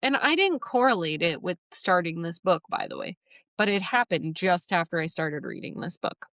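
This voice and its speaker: A woman hosting a podcast, telling a long story in a rambling, animated way and swearing casually. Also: on the low side, moderate pace, dry recording. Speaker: podcast host.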